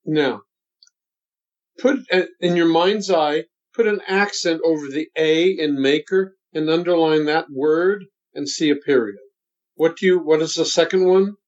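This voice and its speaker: A man in his seventies, a voice coach, talking in a deliberate and emphatic instructive way during an interview. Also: a little high. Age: 70s. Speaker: voice coach guest. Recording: dull lo-fi sound.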